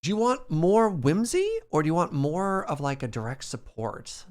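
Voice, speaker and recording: A man's voice: on the high side, sing-song, moderate pace, darkish tone. A man casually commenting as he streams a building game, chatty and playful, talking to his chat.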